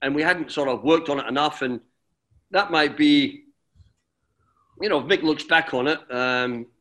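Rambling former footballer telling stories. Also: male voice, fairly high pitch, normal speed, a bit bright. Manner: rambling, with many restarts and "mate". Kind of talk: relaxed anecdotal storytelling.

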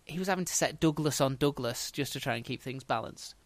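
A man recounting history in a relaxed, chatty way, slipping in wry jokes as he goes. His voice sits at an everyday middle pitch. The recording is dry and close, with no room echo. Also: a little fast. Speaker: history podcast host. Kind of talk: casual storytelling chat.

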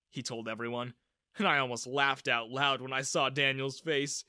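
A man narrating a first-person story in an expressive, lively way on a close studio mic. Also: medium pitch, fairly quick, no echo.

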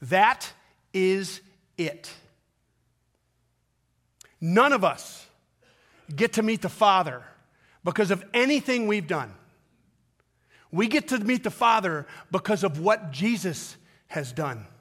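Male pastor, high-pitched, delivering a sermon with dramatic pauses and rising emphasis. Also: big pitch swings, a bit bright. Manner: retells a story with quick asides.

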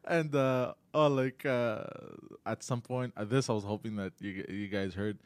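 A man's voice: steady tone, normal speed, no room sound. A man telling a sheepish story on a comedy podcast, often laughing and stumbling over his words. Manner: laughing, hesitant, many fillers, low mumbling asides. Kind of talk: casual comedic chat.

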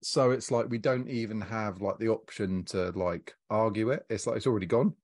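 A podcast host with a fairly low voice, recorded dry and close. He tells his stories with exasperated animation and curses freely. His tone is casual and conversational throughout. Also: normal speed, no echo. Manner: animated storyteller, swears when exasperated.

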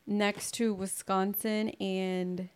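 A woman's voice: mid-range voice, little pitch movement, slow pace, clear, resonant tone. Chatty Valley Girl woman. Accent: Californian Valley Girl. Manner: chatty, filler-heavy, rambling. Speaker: podcast co-host. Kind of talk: casual chat.

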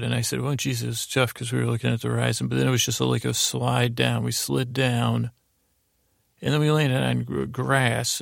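A man improvising a rambling bedtime story as a sleep podcast host, halting with many restarts and fillers. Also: medium pitch, creaky, dry recording, clean studio sound.

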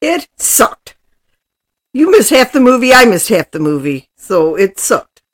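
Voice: medium pitch, big pitch swings, measured pace. A podcast co-host in a casual movie recap chat, talking in a dry, blunt, sarcastic way.

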